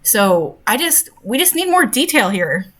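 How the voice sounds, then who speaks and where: A woman's voice: fairly high pitch, sing-song, unhurried. A young woman reading a story aloud and breaking off into sarcastic, exasperated commentary on it. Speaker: host reading and critiquing a story.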